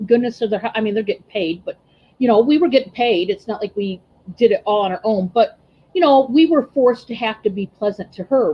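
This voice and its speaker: A woman tells a story from her waitressing days in a relaxed, chatty vlog. Her voice sits a little on the high side, and she keeps checking in with "right?" and "you know". The recording sounds slightly muffled and lo-fi. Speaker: vlogger recalling waitress work. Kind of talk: casual storytelling monologue.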